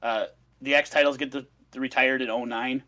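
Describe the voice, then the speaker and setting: A man's voice: mid-range voice, fairly even intonation, brisk, pushed and bright. A man on a casual podcast, recapping notes in an upbeat, slightly scattered way. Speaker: podcast co-host reading out history notes.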